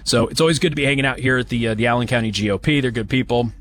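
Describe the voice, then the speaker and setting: A man's voice: medium pitch, racing, fairly bright tone. A man hosting a live talk radio show from an event, speaking in a chatty, sarcastic, opinionated way. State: has hiccups. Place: live broadcast at a banquet hall event.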